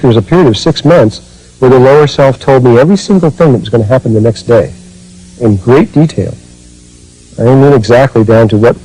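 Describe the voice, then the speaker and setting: Man, mid-pitched and mellow, halting spiritual talk full of pauses and fillers. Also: dry recording, poor audio. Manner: slow, halting, with many fillers and restarts. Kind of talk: spiritual talk, personal recollection.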